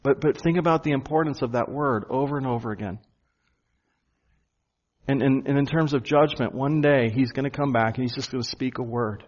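Male pastor in the pulpit, mid-pitched, earnest, leans on key words; dull lo-fi recording. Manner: earnest preaching, slows and stresses key phrases. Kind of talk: sermon. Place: church.

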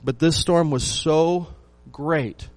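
Delivering a sermon slowly in a voice on the high side, this pastor asks his congregation rhetorical questions and repeats phrases to drive points home. He moves back and forth between booming and quiet lines, and the recording is dry.

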